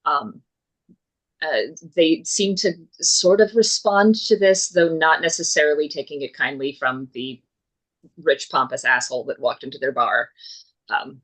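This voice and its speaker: Low husky woman player. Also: measured pace, fairly bright tone, poor audio. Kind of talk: tabletop role-play chat.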